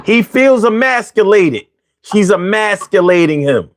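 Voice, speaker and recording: A man's voice: sits high, animated, a little slow, dry recording. Chatty man asking rhetorical questions. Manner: conversational and rhetorical, repeats phrases for emphasis. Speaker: vlog host. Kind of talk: casual talk to viewers.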